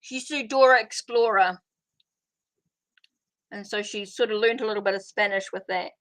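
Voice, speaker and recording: A middle-aged woman hosts a casual tarot livestream, rambling as she greets viewers and responds to their comments. Her voice is mid-range and fairly bright, and she talks at a normal speed.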